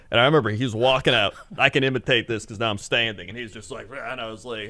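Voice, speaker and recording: A man's voice: medium pitch, steady tone, fast, hardly any pauses, sharp tone, no room sound. Laid-back male podcast storyteller, dry sound. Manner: rambling, laughs often, acts out the people in his stories. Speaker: podcast co-host. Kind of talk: casual storytelling chat.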